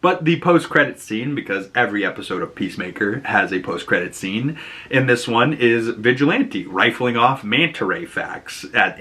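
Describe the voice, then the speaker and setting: A man's voice: on the low side, pushed and bright. A man with a Boston accent casually retelling and reviewing a TV episode, chatty and full of fillers, acting out quoted lines. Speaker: show reviewer.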